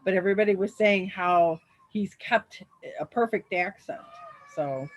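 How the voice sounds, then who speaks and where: A woman's voice: medium pitch, unhurried, poor audio. A woman in a casual group chat, filling in background details to another speaker's stories. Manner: adds short background remarks to her partner's stories.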